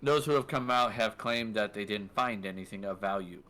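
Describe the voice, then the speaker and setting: A man's voice: lowish voice, normal speed, sharp tone. A man voicing a courteous female elf shopkeeper in a tabletop game. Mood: businesslike.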